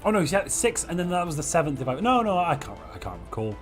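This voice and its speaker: Hoarse playful male game streamer. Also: a little high, sing-song, fast, soft background music. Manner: playful, theatrical royal pronouncements. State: hoarse from a chest infection. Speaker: streamer host. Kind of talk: livestream game commentary.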